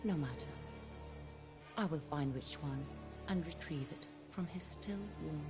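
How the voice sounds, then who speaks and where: A woman's voice: low voice, measured pace. An actress playing a vengeful female assassin who speaks with cold menace. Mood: menacing. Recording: game audio with loud music.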